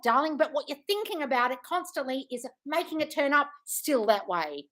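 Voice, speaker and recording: A woman manifestation coach answering viewer comments on a livestream, blunt and profane, breaking into loud scolding rants of tough love. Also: sits high, expressive, moderate pace, hardly any pauses.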